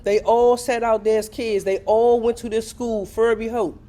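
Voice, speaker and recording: Older man, high-pitched, impassioned resident testimony at a public hearing. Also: little pitch movement, moderate pace, dark tone. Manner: impassioned, repetitive, pleading. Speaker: resident giving public comment.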